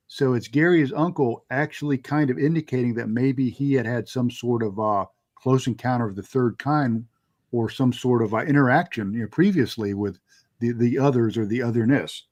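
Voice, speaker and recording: A man who is a podcast guest with a military intelligence background, chatting casually and explaining in a measured way with many fillers. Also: mid-range voice, darkish tone, no echo. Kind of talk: casual podcast chat and reading aloud.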